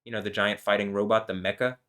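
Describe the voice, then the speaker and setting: Give me a man with a fairly low voice who reads scripture and rambles profanely between the verses. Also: flat delivery, fast, a bit bright. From United States. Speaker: host. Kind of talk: scripture reading with rambling commentary.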